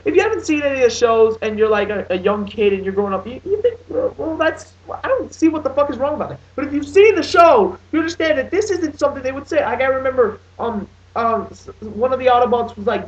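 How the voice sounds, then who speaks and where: A man's voice: very high-pitched, sing-song, fast, hardly any pauses. Exasperated profane young man ranting. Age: young adult. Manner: profane, exasperated, rambling with many restarts. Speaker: movie reviewer. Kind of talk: casual ranting review. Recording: dull lo-fi sound, distant from mic.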